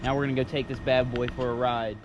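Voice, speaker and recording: A man's voice: mid-range voice, flat delivery, fast, highs cut off, over music. A young man with a nervous, rambling manner, chatting casually to camera about his car. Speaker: car vlogger. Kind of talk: casual vlog, talking while driving. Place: inside a car. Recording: echoey with loud car noise.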